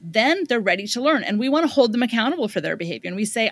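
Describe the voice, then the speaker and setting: A woman's voice: fairly high pitch, rapid-fire. A middle-aged woman from the United States, a parenting expert guest in an interview, speaking in a conversational way and acting out parent and child lines as she tells stories. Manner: animated storytelling with acted parent and child quotes.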